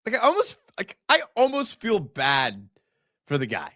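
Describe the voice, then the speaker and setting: A young man talks through game film on a live stream, rambling and chatty with lots of "like" and "uh." His pitch swings up and down as he gets worked up. The sound is close and dry, with no room around him. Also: a little slow, no room sound. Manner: chatty, filler-heavy, excitable. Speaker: podcast host breaking down game film.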